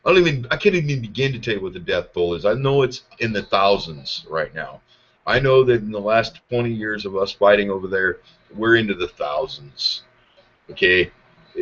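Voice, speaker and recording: A man hosting a show, ranting angrily and sarcastically with constant swearing. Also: lowish voice. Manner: angry, heavy swearing, sarcastic. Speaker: podcast host. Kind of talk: profane political rant. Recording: muffled lo-fi audio.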